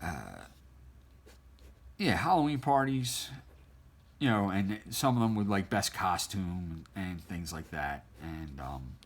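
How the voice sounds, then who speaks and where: A middle-aged man with a fairly low voice tells an old story while he draws. He rambles and restarts, and he laughs often as he talks. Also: lively intonation, takes it slowly, pauses often, husky. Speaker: artist drawing on stream. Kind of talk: casual storytelling while drawing.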